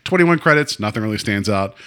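Bright-voiced man rambling casually. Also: fairly low pitch, expressive, brisk, clean tone. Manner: rambling, laughs often, trails off. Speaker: podcast co-host. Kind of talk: casual TV review chat.

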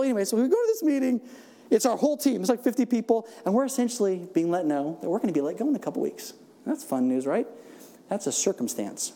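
High-voiced, mellow man telling a sermon story. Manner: animated, laughing, acts out voices in his stories. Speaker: church speaker.

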